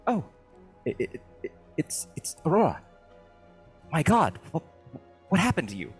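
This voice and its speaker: A man's voice: medium pitch, expressive, moderate pace, soft background music, voice pushed up, close to an everyday voice. A man voicing a shy, nervous young man who stutters and hides inside a machine, in a tabletop game. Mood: shocked.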